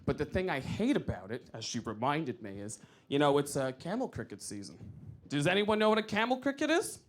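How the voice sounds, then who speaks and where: On a comedy club stage, a male stand-up comedian from New York, with a New York accent, tells a story loudly and animatedly, bursting into shouts. His voice is fairly high-pitched and a little fast, and audience laughter rises in the background.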